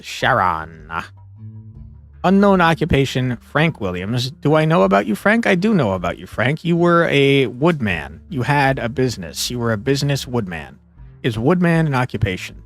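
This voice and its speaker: A man playing a detective puzzle game and talking through it, excitable, swinging between muttering and yelling. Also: mid-range voice. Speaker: gaming streamer. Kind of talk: let's play commentary.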